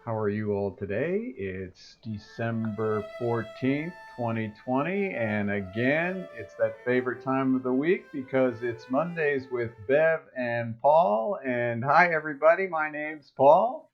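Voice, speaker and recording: A man's voice: medium pitch, expressive, measured pace, hardly any pauses, faint music behind. Chatty man, muffled lo-fi sound. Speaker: co-host. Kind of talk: casual spiritual chat.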